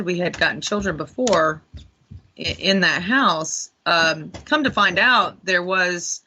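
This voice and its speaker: A woman, a paranormal investigator, telling a rambling, animated story on a talk radio show with lots of fillers. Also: lowish voice.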